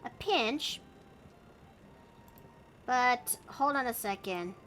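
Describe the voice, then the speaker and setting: A woman's voice: a little high, expressive, extremely slow, a bit bright, slight background noise. A woman chatting casually while drawing on her art stream, narrating her steps in a playful way.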